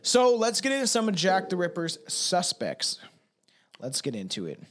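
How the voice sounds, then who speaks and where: High-voiced man cursing through casual chat. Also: wildly swooping pitch, normal speed. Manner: profane, rambling, reads passages aloud. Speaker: podcast co-host. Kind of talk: casual true-crime podcast chat.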